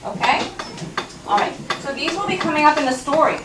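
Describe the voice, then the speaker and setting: A high-voiced woman leads a first-grade reading lesson, patient and coaxing, checking in with the class. She is recorded from a distance in an echoey classroom, with noise in the recording. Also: expressive, a little fast. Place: elementary school classroom. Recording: roomy classroom recorded from afar, noisy.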